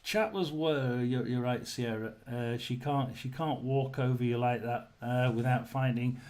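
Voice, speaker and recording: A man hosting a casual live chat, rambling and hesitant, often clearing his throat and telling jokes to his viewers. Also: medium pitch, a little slow, a little mellow. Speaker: host of a live tarot chat stream.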